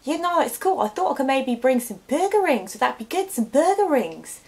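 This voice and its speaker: A woman's voice: high voice, very animated, moderate pace, voice pushed up. A woman putting on a New Zealand accent to play a laid-back young Kiwi phoning a friend, hesitant and repeating herself. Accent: put-on New Zealand.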